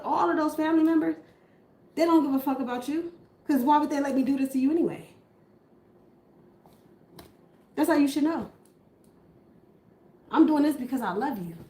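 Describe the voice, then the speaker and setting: A woman's voice: mid-range voice, darkish tone, natural voice. A woman plays a controlling, abusive man who swears freely and blames his partner for everything. The voice rings in a roomy space with noticeable echo. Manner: profane, blaming, self-pitying rants.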